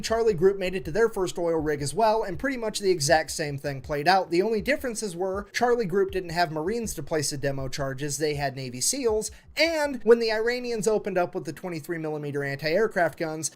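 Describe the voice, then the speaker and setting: A man narrating military history in a comedic, sarcastic and punchy way, with faint music behind him. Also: a little high.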